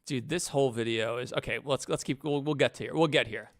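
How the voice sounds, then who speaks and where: A man's voice: mid-range voice, fast talker, heavy background noise. A man casually chatting on a live stream from his home computer setup, rambling and correcting himself as he talks. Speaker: animator streaming his work.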